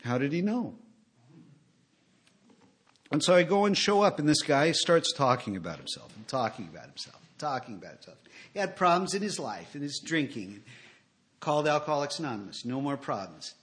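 A middle-aged man with a somewhat high-pitched voice tells his personal story to a listening crowd. He talks in a wry, self-mocking way, and his loudness swings widely from sentence to sentence. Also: very animated, normal speed, long pauses. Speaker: speaker sharing his recovery story. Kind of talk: personal storytelling talk to an audience.

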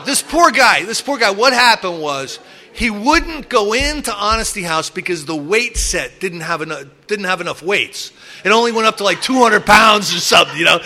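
A middle-aged man in recovery telling stories from his drinking past in a casual, animated way, acting out other people loudly and restarting his sentences often. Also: high-pitched. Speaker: recovering alcoholic sharing his story. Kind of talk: casual storytelling talk.

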